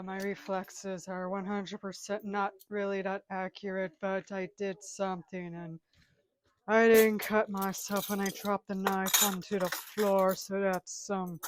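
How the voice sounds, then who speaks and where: A woman rambling crudely to herself while doing chores at home, groaning and cursing constantly. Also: mid-range voice. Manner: melodramatic wailing outbursts. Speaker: comedic vlogger. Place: home kitchen.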